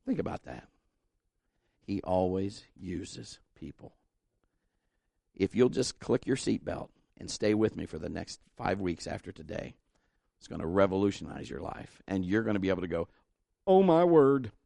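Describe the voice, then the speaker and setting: A man's voice: sits low, moderate pace, vocal fry, dark tone, no room sound. A man preaching a fervent sermon and leading an altar call prayer, exhorting his congregation and rising to emphatic peaks. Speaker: pastor.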